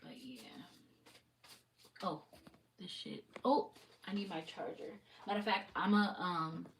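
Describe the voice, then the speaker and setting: A woman's voice: lowish voice, expressive, slow pace. A woman who gives spiritual readings, chatting loosely on a live stream, rambling and swearing casually. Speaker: spiritual reader on a livestream. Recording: distant mic with faint noise.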